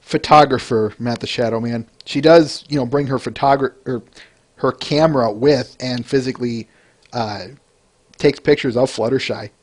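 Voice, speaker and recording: A man's voice: mid-range voice, normal speed. A man hosting a casual review podcast, rambling with frequent restarts and answering listeners by name between points. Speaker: podcast host.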